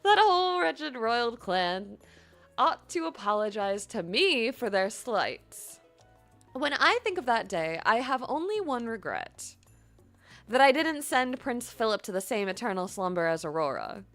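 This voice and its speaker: A woman's voice: a little high, sing-song, a little slow, fairly bright tone, faint music behind, voice pushed down, exaggerated voice. A woman voicing Maleficent, a proud, vengeful female fairy villain, while reading game dialogue aloud, speaking in a grand, disdainful way. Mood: haughty.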